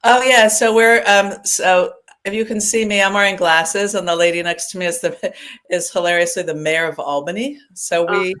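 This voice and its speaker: A woman's voice: medium pitch, steady tone, moderate pace, fairly bright tone. A woman in her fifties from upstate New York, chatting as a guest over a video call, laughing often and restarting her sentences. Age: 50s. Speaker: guest musician. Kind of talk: casual chat.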